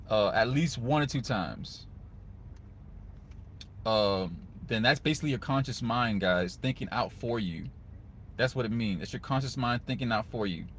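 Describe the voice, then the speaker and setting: A man's voice: medium pitch, a bit bright, slight background noise. Earnest man giving advice to camera. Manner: earnest, conversational, repeats "guys" and "right?". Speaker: video host giving advice to men. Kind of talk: casual motivational talk to camera.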